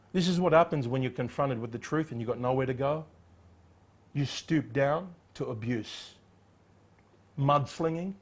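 A man preaching an expository sermon, emphatic and animated, acting out the voices in the passage he reads. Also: mid-range voice. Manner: emphatic, acts out quoted voices.

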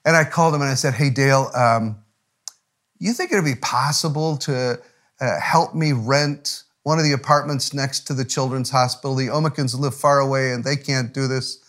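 A middle-aged man preaches as a pastor at a medium pitch. He tells a personal story with halting restarts. At tender points his voice drops low and hushed, close to a whisper. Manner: storytelling with frequent restarts, softening to a near whisper at emotional moments. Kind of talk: sermon.

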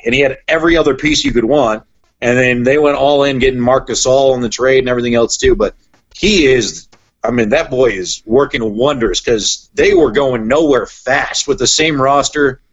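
A young man in casual podcast chat, an animated storyteller who says "like" a lot, talking about sports. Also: mid-range voice, dull audio. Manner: animated storyteller, heavy use of "like". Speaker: podcast guest, sports broadcaster.

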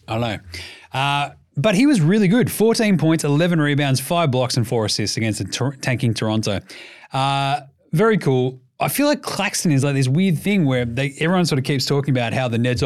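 A man with an Australian accent and a brisk, medium-pitched voice with lively intonation hosts a casual basketball podcast. His sports commentary is rambling, jokey and full of swearing.

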